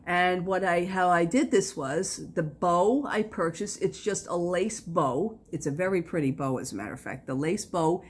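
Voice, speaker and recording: A woman's voice: fairly low pitch, moderate pace, hardly any pauses, slightly rough. A middle-aged woman chatting to the camera in a casual, rambling vlog, telling stories with lots of fillers. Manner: rambling, animated storytelling with many fillers. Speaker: crafting vlogger.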